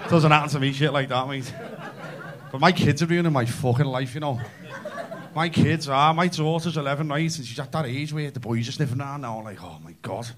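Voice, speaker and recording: A man's voice: a little high, steady tone, fairly quick, a bit bright. A man doing a brash, sweary stand-up comedy set and addressing the crowd in a club. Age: 30s. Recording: live club audience laughter. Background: audience laughing and cheering.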